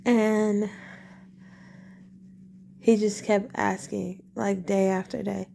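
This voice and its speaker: A woman's voice: medium pitch, level tone, takes it slowly, vocal fry, pauses often, warm tone, slight background noise. A woman vlogger telling a personal story in a casual, rambling way, trailing off and restarting, recorded at home in her bedroom. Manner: rambling, meandering, with frequent restarts.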